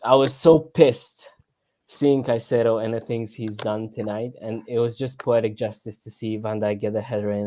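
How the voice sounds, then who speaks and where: A man hosting a casual football livestream, talking in a mellow, darker tone at a medium pitch. He rambles and stammers, repeating words as he searches for them, and slips sarcasm into his points. It feels like an informal chat among fans. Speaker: livestream co-host. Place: home room, lives abroad.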